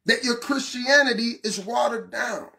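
A man preaching a passionate sermon, asking the listener questions and shouting some lines. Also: very high voice, measured pace, vocal fry. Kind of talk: fiery street-style sermon.

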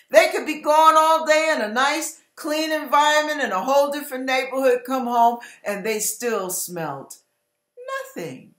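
A woman with a high, bright voice preaching in an emphatic, repetitive way, taking her time over each phrase. She acts out household quarrels in little quoted voices. Her words ring in an echoey room. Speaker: Christian teacher. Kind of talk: sermon-style Bible teaching.

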